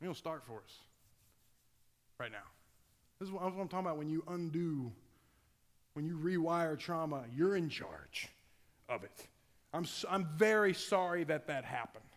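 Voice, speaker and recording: A middle-aged man, a football strength coach, giving an energetic conference talk, acting out his players' voices and bursting into shouts. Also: a little high. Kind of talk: conference presentation. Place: large conference hall. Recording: long hall reverb.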